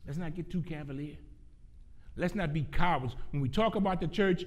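Preacher, booming then hushed. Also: male voice. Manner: swings between loud emphatic peaks and hushed low passages; stretches key words slowly for emphasis, with quick joking asides. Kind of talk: sermon.

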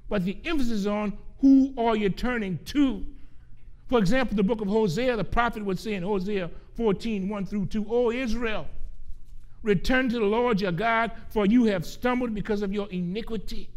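A male preacher with a notably high voice delivers a sermon in an earnest, emphatic way. He repeats key phrases for weight and slows down when quoting scripture.

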